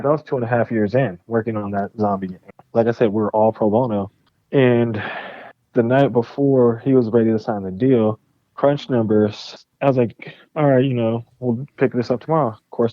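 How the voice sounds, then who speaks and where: A young man, a game studio founder and podcast guest, telling a story with animated, profane energy and acting out both sides of the conversations. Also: medium pitch, no room sound, dull audio. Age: young adult.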